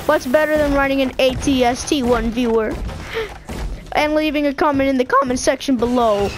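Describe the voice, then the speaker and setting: A woman giving silly, boastful let's-play commentary over a video game, excitable and playful. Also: sits high, moderate pace, background noise. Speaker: gaming video maker. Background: video game music.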